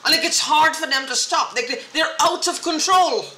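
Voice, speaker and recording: A woman's voice: sits high, normal speed, sharp tone, reverberant. A woman in an angry, profane, repetitive rant, talking straight to the camera. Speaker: vlogger. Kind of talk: agitated monologue to camera.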